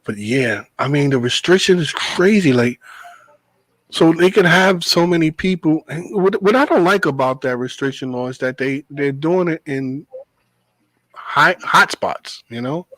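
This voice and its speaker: A man hosting a casual talk show, a bus driver telling stories in an animated, profane way. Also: a little high, a little slow, no room sound, poor audio. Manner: animated storytelling, swears freely, laughs. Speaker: podcast host, bus driver. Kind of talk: casual chat.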